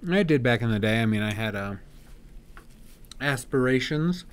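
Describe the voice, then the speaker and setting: A man's voice: medium pitch, expressive, normal speed, clear, resonant tone. A man guesting on a podcast, chatting casually with loose, joking banter. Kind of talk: casual chat.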